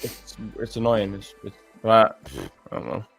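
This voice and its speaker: Low-voiced guy talking through trading charts on a stream, chatty and jokey, soft music under him. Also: fairly even intonation, a little slow, creaky. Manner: chatty, joking, with frequent restarts and stammers. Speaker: live trading stream host. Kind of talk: casual live-stream chat and chart analysis.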